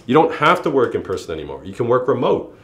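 A man's voice: quick pace, roomy sound. A young man giving blunt life advice to the camera, swearing and calling the listener bro. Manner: brash, swearing, calls listener "bro", lively pitch jumps. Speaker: YouTuber giving self-improvement advice. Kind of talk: casual direct-to-camera advice monologue.

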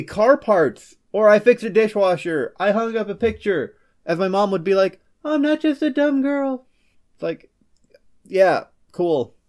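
A man's voice: on the high side, darkish tone. Playful man hosting a scripted explainer. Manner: playful, breaks into quick comic character voices. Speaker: host of a personality-psychology channel. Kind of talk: scripted explainer with joking asides.

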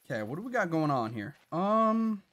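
A man streaming a hunting game live, chatting to viewers and reacting out loud to what happens on screen. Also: fairly high pitch, very animated, moderate pace. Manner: chatty, reacts loudly with laughs and gasps. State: out of breath at times. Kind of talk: live gameplay commentary.

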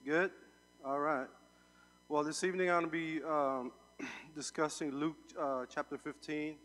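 A young man delivers a sermon as a guest speaker, chatting through a personal story with plenty of ums and restarts. His voice sits a bit high. The sound rings out with the long reverb of a large hall. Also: steady tone, a little slow, fairly bright tone. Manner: conversational storytelling with fillers. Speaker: guest preacher.

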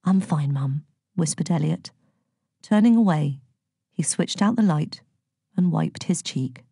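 A woman narrating an audiobook in a calm, gentle storytelling manner. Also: on the low side, measured pace, vocal fry, husky, no echo, studio quality. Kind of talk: scripted narration.

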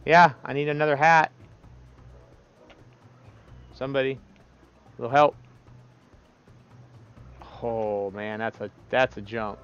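A man streams a retro platformer, swearing and grumbling at the game as he plays. His voice is gravelly, and the recording is slightly muffled and lo-fi, with game music under it. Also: mid-range voice, fairly even intonation, slow pace, long pauses, fairly bright tone. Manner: profane, exasperated, talks to the game. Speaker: let's play streamer. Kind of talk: casual gameplay commentary.

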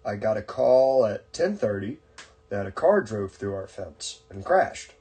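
A man's voice: on the low side, sing-song, a little slow, mellow. A man hosting a podcast and telling a long story in casual chat, rambling with many fillers and restarts. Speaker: podcast host.

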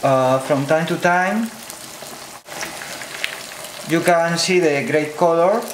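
Slow Spanish-accented man teaching a recipe. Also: a little high, noisy background. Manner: slow, careful, non-native phrasing with fillers. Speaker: cooking channel host. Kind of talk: step-by-step cooking demonstration. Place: home kitchen. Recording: echoey kitchen with sizzling pan.

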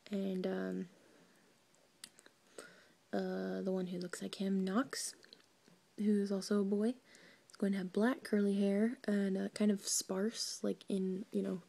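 Excitable woman with a dark, gravelly voice. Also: medium pitch. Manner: excited, giggly, drifting into whispers. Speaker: doll maker vlogger. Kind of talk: casual chat.

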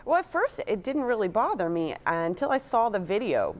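A woman speaking as a guest in a TV interview, telling her story in an earnest, measured way. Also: medium pitch, big pitch swings.

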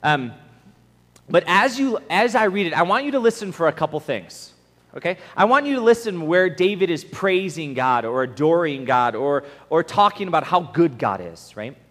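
A man's voice: on the high side, big pitch swings, normal speed, fairly bright tone. A young man giving a casual, conversational sermon at a camp, earnest and often checking in with the room. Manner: earnest, acts out prayers in quoted voices, asks the room "right?". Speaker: camp speaker. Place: large meeting hall at a camp. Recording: long hall reverb.

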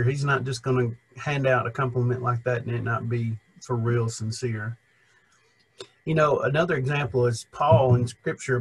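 A man's voice: medium pitch, slightly rough, poor audio. A young man, a minister, talking through a Bible lesson in a rambling, conversational way with many restarts. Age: young adult.

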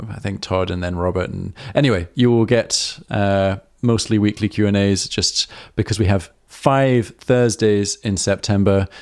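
Relaxed male harmonica teacher on a live stream, fairly low voice, lots of ums. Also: clean tone. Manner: chatty and self-correcting, with many ums and uhs.

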